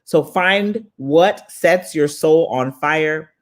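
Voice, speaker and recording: A woman hosts a live online summit with casual, motivational chat, sounding affectionate and upbeat as she calls listeners "baby" and "y'all." Her voice is low-pitched and she speaks very slowly.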